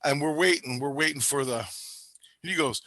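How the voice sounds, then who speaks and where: A man telling a wild story in casual chat, animated and profane, acting out what people said. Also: a little high, moderate pace, dry recording. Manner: animated, profane, acts out quotes.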